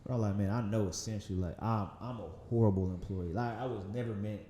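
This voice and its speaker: A man in his thirties with a light Southern accent, a podcast guest talking in a relaxed, rambling way, often laughing and saying "man". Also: lowish voice, fast talker, reverberant, lo-fi sound, slight background noise. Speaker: magazine founder, podcast guest. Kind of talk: casual interview conversation. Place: podcast studio.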